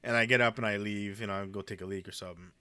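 Man, casual storyteller, bright tone, dry close sound, swears, acts out quotes. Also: on the low side, rapid-fire, clear, resonant tone, no room sound. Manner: animated, swearing, acts out quotes, laughs often.

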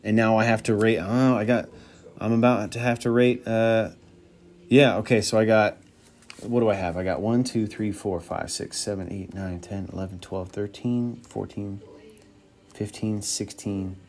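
A man's voice: lowish voice, steady tone, moderate pace, darkish tone. Man, podcast host, casual solo chat, rambling, swears freely, thinks aloud.

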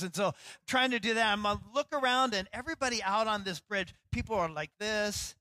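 A middle-aged man pastor preaching a sermon, telling a personal story with lively acted-out quotes. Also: high voice, a little fast, few pauses, dry recording, rough recording. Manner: storytelling, animated, acts out quotes.

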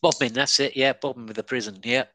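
A man's voice: mid-range voice, fairly even intonation, quick pace, pushed and bright, no room sound, poor audio. A man, a comedian chatting casually and telling stories with many fillers and restarts. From Devon and Cornwall, England. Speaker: stand-up comedian. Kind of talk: casual conversation.

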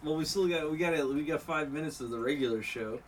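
A man's voice: a little high, quick pace, recorded from a distance, a crowd in the background. Man with dry, understated quips. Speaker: podcast co-host. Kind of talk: casual joking chat.

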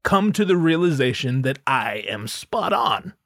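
A man's voice: medium pitch, big pitch swings, measured pace, vocal fry, a bit bright, no room sound, studio quality. A man hosting a podcast, riffing sarcastically and profanely in a casual comedic monologue. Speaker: podcast host.

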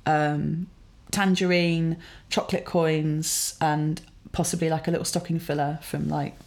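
A woman's voice: low voice, little pitch movement, a little slow, darkish tone. A woman in her forties telling rambling, self-amused stories in a casual chat.

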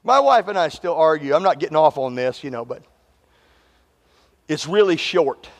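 A man's voice: on the high side, animated, normal speed, big-room sound. A man preaching a sermon as pastor, mixing humorous stories with call-and-response lines to the congregation.

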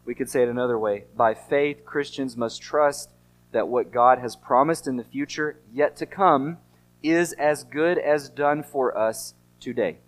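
A man's voice: medium pitch, measured pace. A man preaching a sermon as pastor, earnest and emphatic, often asking rhetorical questions.

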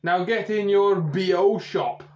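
A blunt, demanding specialist barks orders in broken English, as a man puts him on. The voice sits higher than his narration and drawls slowly. The room echoes and the sound is a little muffled. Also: noisy background. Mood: pleased. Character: pushy gruff male Russian specialist.

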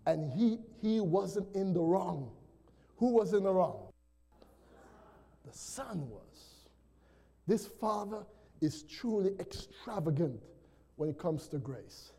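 Male pastor, high mellow voice, animated sermon delivery, long church reverb. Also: slow, creaky, long pauses, breathy edge. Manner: animated preaching, calls to the congregation. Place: church sanctuary.

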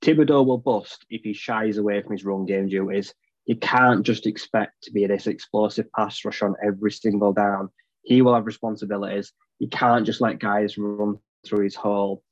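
A man's voice: fairly low pitch, steady tone, moderate pace, dry recording, highs cut off. A man co-hosting a casual sports podcast, giving blunt, plain-spoken opinions. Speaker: podcast co-host.

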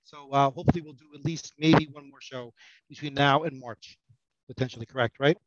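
A man's voice: mid-range voice, fairly even intonation, brisk, a bit bright, lo-fi sound, slight background noise. A middle-aged man chatting as a podcast guest, rambling and self-mocking, with many restarts. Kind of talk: casual podcast banter.

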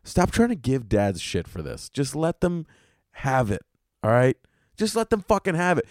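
A man hosting a comedy podcast, ranting in an animated, profane way. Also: medium pitch, moderate pace, dry recording, clean studio sound. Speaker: podcast host.

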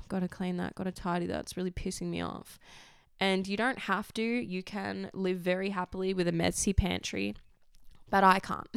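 A woman's voice: mid-range voice, clear, resonant tone, no room sound, clean studio sound. A young Australian woman talking casually and candidly about her life, rambling a little, swearing freely and laughing often. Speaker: vlogger. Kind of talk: casual personal chat.

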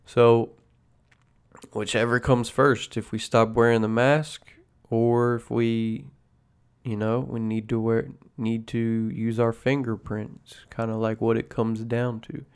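A man's voice: mid-range voice, level tone, takes it slowly, clean tone. A man hosting a casual podcast chat, rambling in a laid-back way and swearing constantly over his coffee. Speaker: podcast host. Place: at home drinking coffee.

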